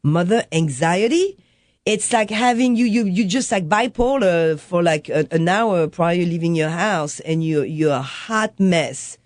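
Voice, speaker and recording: Animated woman telling stories. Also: lowish voice, a little slow, no echo. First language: French. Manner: animated storyteller, acts out customers and her son. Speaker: guest, coffee shop owner. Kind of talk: casual interview chat.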